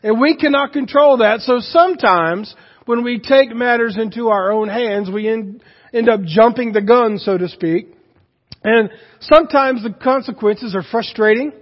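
A man's voice: very high-pitched, in a large hall, lo-fi sound. A male pastor delivering a sermon in a church, speaking conversationally and asking the congregation questions.

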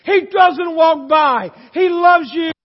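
Male pastor, sermon, animated, shouts and hushed asides, dull sound, long hall echo. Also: extremely high pitch, slow pace.

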